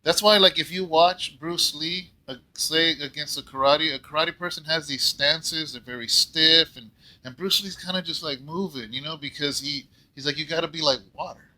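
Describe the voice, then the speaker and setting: Man, pastor, casual Bible talk, rambling storyteller, throat clearing, bright tone. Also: on the high side, moderate pace, poor audio. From California.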